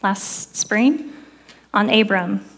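A woman's voice: mid-range voice, extremely slow, husky. A woman, preaching and telling her own testimony in church with earnest storytelling. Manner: earnest storytelling, dropping soft for quoted prayers. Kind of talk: sermon testimony.

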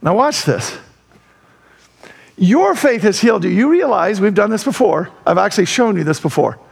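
A male pastor preaching a sermon in a conversational, animated way who laughs often. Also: high-pitched, moderate pace, creaky, breathy edge.

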